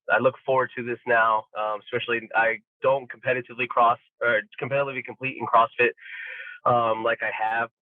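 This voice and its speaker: A man's voice: mid-range voice, no echo. A man telling stories in a casual podcast chat, acting out quotes with lots of fillers. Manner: animated storyteller acting out quotes, many fillers. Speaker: podcast guest, athlete. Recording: tinny phone-like line, dry.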